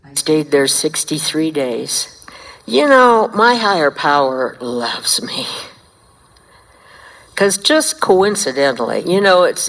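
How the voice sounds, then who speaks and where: An older woman sharing her recovery story at a meeting, telling it in a lively way and acting out the dialogue. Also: low-pitched, slow. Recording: long hall reverb.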